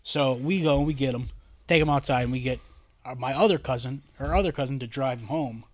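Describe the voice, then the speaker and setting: Animated, profane male podcast storyteller. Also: medium pitch, brisk, no echo. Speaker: podcast co-host. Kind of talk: casual chat.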